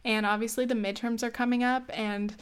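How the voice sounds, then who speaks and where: Young woman, casual opinion monologue, wry and self-mocking, slightly high, clean smooth tone. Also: fairly even intonation, fairly quick. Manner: chatty, wry, laughs at herself, trails off and restarts.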